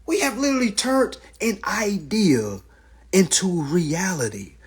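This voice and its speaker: A man holds forth on a phone livestream, loose and profane. His voice sits high and swings widely in pitch, with a husky edge. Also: measured pace. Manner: animated, profane, mimics others' voices. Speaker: livestream host. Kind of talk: casual livestream rant.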